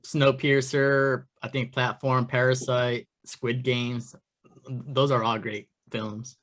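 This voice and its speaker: Man, slow steady talk, mid-pitched voice, casual chat.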